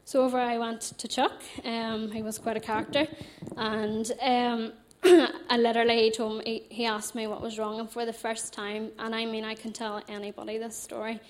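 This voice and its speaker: Young Northern Irish woman, personal testimony, animated and chatty, slightly high register. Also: normal speed, a little hiss or hum. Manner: animated, chatty, laughs often.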